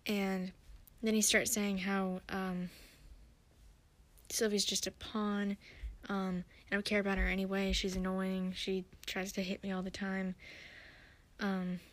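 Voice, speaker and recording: A woman's voice: medium pitch, completely flat delivery, unhurried, no room sound. A woman hosting her own podcast, recapping a TV episode in a chatty, rambling way with many fillers and restarts. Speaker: podcast host.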